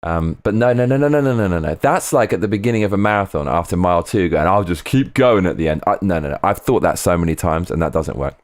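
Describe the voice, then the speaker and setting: Low deep guy on a live stream, reading chat, excitable, swears a lot, keeps repeating himself. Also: fast talker, few pauses.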